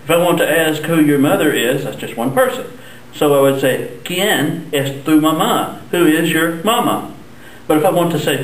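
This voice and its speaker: Male teacher with a somewhat high voice, giving a patient Spanish lesson, recorded from across an echoey classroom. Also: far from the mic. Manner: patient, explains step by step, slows for Spanish examples. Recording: echoey room, voice off-mic.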